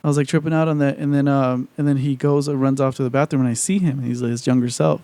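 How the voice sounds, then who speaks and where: A man's voice: medium pitch, steady tone, fast, warm tone, clear, resonant tone, no room sound. A man co-hosting a podcast in casual chat, rambling with lots of profanity, fillers and restarts. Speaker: podcast co-host.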